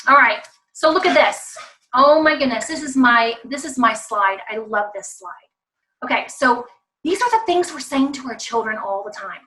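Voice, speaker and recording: A woman's voice: on the high side, moderate pace, bright, forceful tone, recorded from a distance, poor audio. A woman giving an online parenting talk with slides over a video call, emphatic and repetitive, speaking straight to parents. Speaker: parenting coach.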